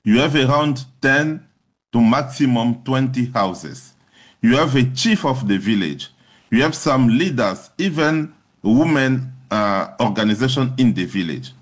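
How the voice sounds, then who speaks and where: Man, earnest and emphatic, interview answers, mid-pitched voice. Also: lively intonation, measured pace. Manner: earnest, emphatic, repeating phrases in lists. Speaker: public health agency head.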